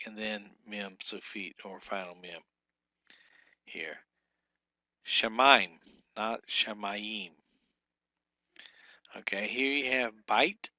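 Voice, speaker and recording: Male teacher, bright, forceful voice, dry close recording, slow step-by-step explanations. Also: on the low side, no room sound. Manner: steps slowly through examples, repeats words. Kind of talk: recorded language lesson.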